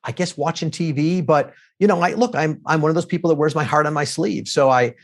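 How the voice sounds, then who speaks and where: Middle-aged male commentator guest, talks fast and lively, acts out the quotes he tells. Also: a little high. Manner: quick, animated storytelling with acted-out quotes. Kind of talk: casual interview chat.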